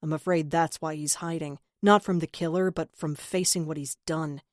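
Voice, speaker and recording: A woman's voice: low voice, steady tone, normal speed, no room sound, clean studio sound, natural voice. A woman reading the part of a troubled male police officer in an audiobook, heavy-hearted and subdued. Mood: worried. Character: troubled male cop, worried about his brother.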